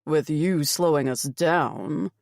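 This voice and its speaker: A woman's voice: deep voice, slow, gravelly, a little mellow, no room sound, studio quality, heavily acted. A woman voicing a cold, arrogant male winged fae warrior in an audiobook, with curt, clipped replies. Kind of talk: audiobook character voice.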